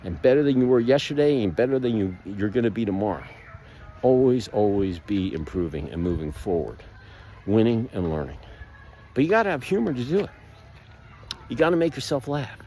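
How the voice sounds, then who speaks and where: A man's voice: mid-range voice, big pitch swings, a little fast, dark tone. A middle-aged man giving a casual motivational monologue as a marketing vlogger, rambling and upbeat with lots of fillers and restarts.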